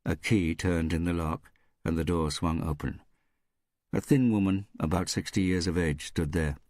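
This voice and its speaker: Very deep-voiced male audiobook narrator. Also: fairly even intonation, moderate pace, darkish tone, no room sound, clean studio sound. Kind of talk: scripted narration.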